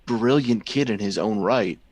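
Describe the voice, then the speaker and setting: A man's voice: fairly low pitch, measured pace, a little mellow. A man co-hosting a podcast, explaining earnestly in a casual chat. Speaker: podcast co-host.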